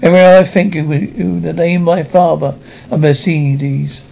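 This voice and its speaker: A man voicing an earnest young sailor who speaks gravely and respectfully. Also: a little high, steady tone, normal speed, darkish tone. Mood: grateful. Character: earnest young male sailor, proud and devoted. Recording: dull lo-fi recording.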